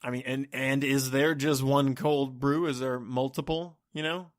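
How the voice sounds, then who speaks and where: A man's voice: medium pitch, steady tone, measured pace, dry recording, clean studio sound. A man ranting on his own podcast in a rambling, profane, exasperated way. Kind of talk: solo rant monologue.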